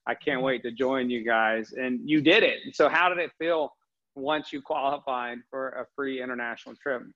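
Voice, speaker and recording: A man's voice: mid-range voice, moderate pace, bright, forceful tone. Upbeat male host, dull lo-fi sound. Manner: upbeat, encouraging, rambling questions. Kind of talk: casual interview. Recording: slightly dull lo-fi audio.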